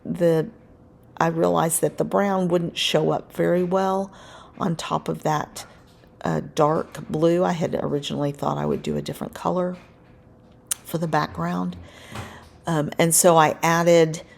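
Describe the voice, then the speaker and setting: A woman's voice: sits low, a little slow, creaky, slight background noise. A woman narrating her scrapbook crafting in a casual voice-over, rambling and correcting herself as she goes. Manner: rambling, self-correcting, relaxed.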